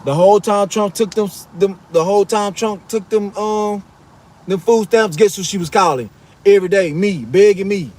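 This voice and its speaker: A man's voice: high voice, moderate pace, darkish tone. A man livestreaming outdoors, ranting casually and profanely, rambling with frequent restarts. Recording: noisy street and traffic.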